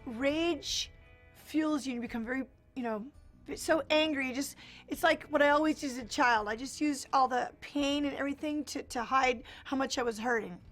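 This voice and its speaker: A woman giving a halting personal testimony in an interview, with frequent restarts and fillers. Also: high-pitched, fairly bright tone, faint music behind.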